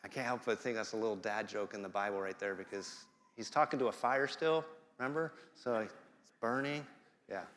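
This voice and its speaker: A man's voice: lowish voice, a little fast, a bit bright, in a large hall. A man preaching a sermon in a conversational, playful way, acting out the voices he quotes. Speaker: guest preacher. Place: church sanctuary.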